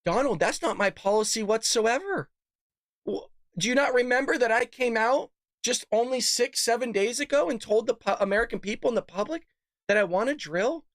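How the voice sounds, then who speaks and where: A man's voice: very high voice, lively intonation, normal speed, a bit bright, dry recording, studio quality, heavily acted. A man putting on a mocking impression of an indignant female politician. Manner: indignant, exasperated.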